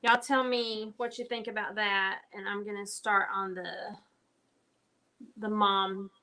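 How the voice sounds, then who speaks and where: A woman's voice: mid-range voice, level tone, takes it slowly, pushed and bright. Brief: woman, live-stream craft host, chatty and direct with viewers. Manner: chatty, talks straight to viewers while working. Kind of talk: casual live-stream chat.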